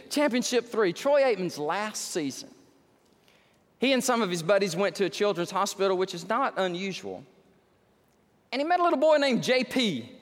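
A man preaching an impassioned sermon as pastor, swinging from loud to hushed. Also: high-pitched, in a large hall. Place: church sanctuary.

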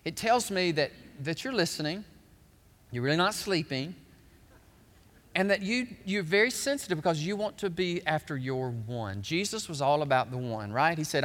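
A middle-aged man preaches a sermon with a bright, high voice, telling folksy stories with animated swings in tone. His voice rings out with a long reverb from a large church hall. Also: normal speed. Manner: animated, folksy storytelling with big swings up in pitch. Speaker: pastor.

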